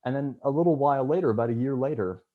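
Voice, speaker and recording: A man's voice: mid-range voice, fast talker, phone-quality sound. A young man giving a casual farewell speech on a video call, telling a story with many fillers and restarts. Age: young adult. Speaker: student government member. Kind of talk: farewell speech at online meeting.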